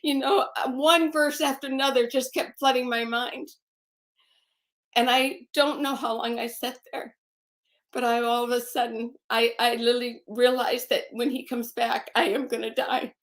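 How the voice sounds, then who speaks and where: A woman giving a halting, emotional personal testimony as a guest, often repeating her phrases and turning to scripture. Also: a little high, steady tone, fairly bright tone. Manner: religious, recites scripture.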